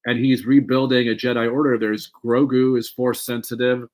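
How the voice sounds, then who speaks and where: A man co-hosting a fan podcast, talking in an animated, rambling way and swearing freely. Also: mid-range voice, moderate pace. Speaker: podcast co-host. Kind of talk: casual fan chat.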